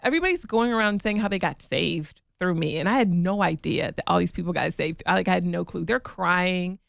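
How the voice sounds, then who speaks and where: A woman in her thirties tells a personal story on her podcast, frank and chatty. Her voice has a gravelly edge, and the close mic gives a dry sound. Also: on the low side, animated, brisk, dry recording. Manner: frank, chatty, laughs easily. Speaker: podcast co-host. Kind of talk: casual chat.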